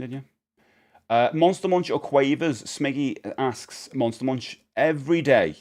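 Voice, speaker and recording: A man's voice: medium pitch, normal speed, a little mellow. A man hosts a live-stream Q&A from his home streaming room, talking into a desk mic. He rambles cheerfully, reads the chat's questions aloud and laughs readily at his own answers. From England. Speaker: livestreamer.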